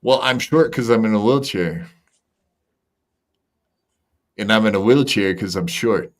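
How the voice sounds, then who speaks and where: A man's voice: on the low side, moderate pace. Brash, profane man hosting a podcast. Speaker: podcast host. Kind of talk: crude casual banter.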